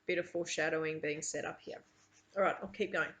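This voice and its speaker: A woman's voice: deep voice, steady tone, fast, fairly bright tone. A woman teacher reading a novel aloud to her students, with chatty asides between passages.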